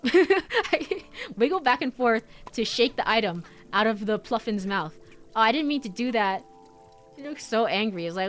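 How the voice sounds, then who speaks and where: A woman's voice: fairly high pitch, lively intonation, normal speed, faint music behind. A young woman streaming a video game, chatting casually, bubbly and giggly, gushing over cute things. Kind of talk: casual let's-play commentary.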